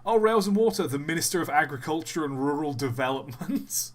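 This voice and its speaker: Young man, live streamer, chatty, jokey, animated pitch. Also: brisk. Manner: chatty, jokey, trails off and restarts. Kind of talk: casual live-stream commentary.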